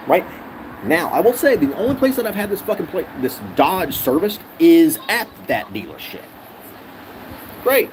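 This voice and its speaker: A man's voice: on the high side, normal speed, background noise. A man vlogger telling a rant-style story with heavy swearing and a lot of repetition. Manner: animated, profane, repeats himself.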